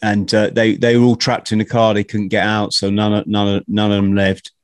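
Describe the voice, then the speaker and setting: A podcast host, a man with a lowish voice, runs a casual interview, thinking aloud in halting bursts and often restarting sentences. His delivery is completely flat, and the recording is dry with no room sound.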